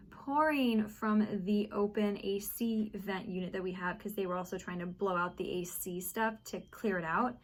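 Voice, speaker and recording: A young woman from Texas telling a story in a casual vlog at home, animated and acting out what people said. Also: mid-range voice. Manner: animated, acts out quoted voices. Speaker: vlogger. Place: apartment at home.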